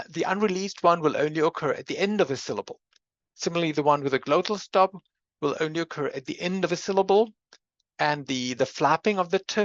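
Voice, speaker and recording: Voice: mid-range voice, dry recording. Lecturer on a dull, dry recording. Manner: measured, explanatory, walks through examples step by step. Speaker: university lecturer. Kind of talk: academic lecture.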